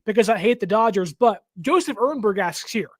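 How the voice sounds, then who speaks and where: A young man hosting a casual sports talk show, given to animated joking rants. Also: sits high, brisk, dry recording, studio quality. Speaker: show host.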